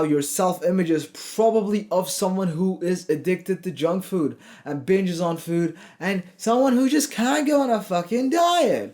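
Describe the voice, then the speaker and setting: A man's voice: fairly high pitch, darkish tone. A young man, a fitness coach, giving a blunt, profane motivational talk that turns into rants. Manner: blunt, swearing, ranting.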